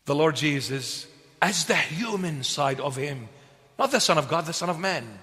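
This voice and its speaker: High-voiced preacher in a reverberant hall. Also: male voice, expressive, moderate pace, sharp tone. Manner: emphatic, repetitive call-and-response preaching. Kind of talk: sermon.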